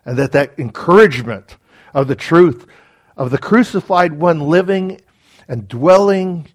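A man preaching a sermon as pastor, earnest and building to emphatic peaks, with casual asides. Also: on the high side. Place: church.

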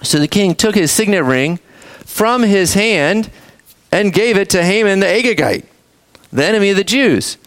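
Male pastor, high voice, lively pitch, animated storyteller, dry close sound. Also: normal speed, no echo. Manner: animated storytelling, acting out characters, addressing kids. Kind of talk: sermon.

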